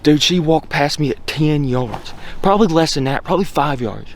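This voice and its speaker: A man with a drawl talks straight to his viewers in a folksy, excitable vlog voice. He is outdoors on a wooded mountain, and a soft wash of wind sits low behind him. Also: moderate pace. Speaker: hunter filming his own hunt. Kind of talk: casual outdoor vlog talk. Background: faint wind and outdoor ambience.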